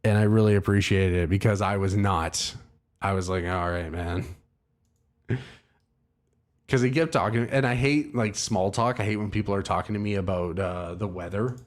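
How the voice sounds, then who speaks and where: A man's voice: fairly low pitch, fairly even intonation, moderate pace. A man hosting a livestream, telling a long, rambling, profane and self-mocking story to his chat. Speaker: livestream host. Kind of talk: casual storytelling to a live chat.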